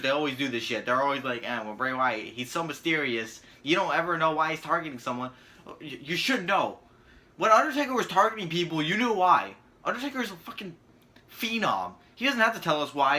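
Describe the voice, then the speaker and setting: Sarcastic young man ranting, bright voice. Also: on the high side. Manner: sarcastic, rambling, crude. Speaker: channel host, wrestling reviewer. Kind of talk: casual ranting video review.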